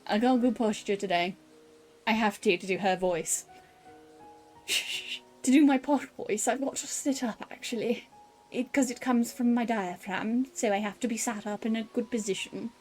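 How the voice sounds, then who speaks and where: A woman's voice: fairly high pitch, steady tone, normal speed, darkish tone, faint music behind. A British woman from the UK streaming a game, chatting casually and explaining how she does her voices.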